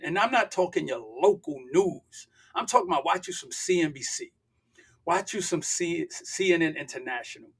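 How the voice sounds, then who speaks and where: A man's voice: high-pitched, fairly bright tone. An older man from the United States, a guest on an interview show, talking emphatically and preaching with rhetorical questions. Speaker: guest, real estate investor. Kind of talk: casual interview talk.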